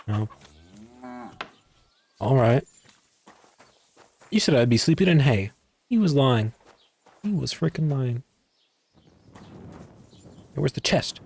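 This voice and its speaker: A man's voice: medium pitch, expressive, takes it slowly, gravelly, pauses often, a little mellow, slightly rough. A man streaming a game, casual and grumbling, swearing freely at what happens on screen. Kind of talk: gaming commentary.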